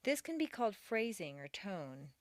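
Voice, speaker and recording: A woman teaching a recorded pronunciation lesson, reading example sentences slowly and deliberately with exaggerated intonation for learners to repeat. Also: mid-range voice, big pitch swings, dry recording. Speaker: accent training instructor.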